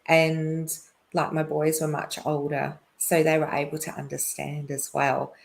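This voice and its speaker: A middle-aged woman, a podcast guest, telling a personal story in a chatty way, with lots of fillers and quick laughs. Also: low voice, little pitch movement, gravelly, a little hiss or hum. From Australia. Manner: chatty, laughs often, many fillers and restarts.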